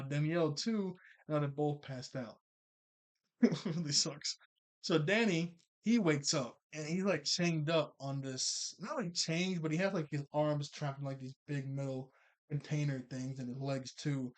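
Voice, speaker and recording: A man casually recapping a cartoon episode, rambling and chatty, full of filler words and quick self-corrections. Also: a little high.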